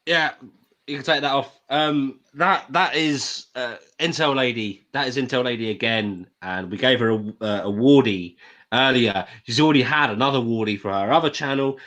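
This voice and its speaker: A man's voice: medium pitch, moderate pace, fairly bright tone. Man, show host, casual chat, repeats words, gets worked up.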